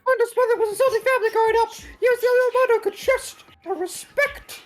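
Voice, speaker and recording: A woman streamer reading a game's narration aloud in a playful, animated way. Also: very high voice, quick pace, soft background music. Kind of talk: game narration read on stream.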